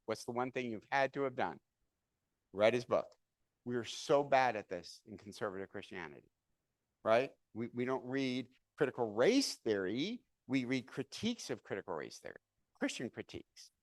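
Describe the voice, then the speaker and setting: A man's voice: mid-range voice, moderate pace, no echo. A middle-aged man giving a seminar lecture, telling stories and asking rhetorical questions as he goes. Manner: animated storyteller, asks rhetorical questions. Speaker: seminar speaker.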